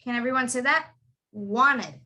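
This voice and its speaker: A woman leads an online accent lesson over a video call. Her voice is bright and sits a little high. She repeats each word several times and asks her students to echo it back. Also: normal speed. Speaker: accent tutor.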